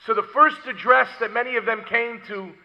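A man delivering a sermon through a story, moving dramatically between hushed and impassioned speech. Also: very high voice, fairly even intonation, moderate pace. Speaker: preacher. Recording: dull lo-fi recording in a reverberant hall.

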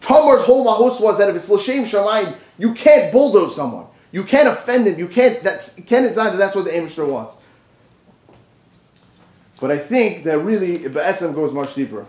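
High-voiced animated man teaching Torah. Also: moderate pace. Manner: animated, dips low for asides and rises for emphasis. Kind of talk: Torah class. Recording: roomy echo.

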